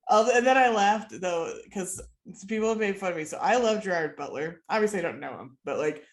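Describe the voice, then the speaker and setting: A woman's voice: medium pitch, expressive, a little fast. Congested nasal Midwestern woman. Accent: Midwestern US, Michigan. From Michigan, US. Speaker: podcast co-host. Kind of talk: casual chat.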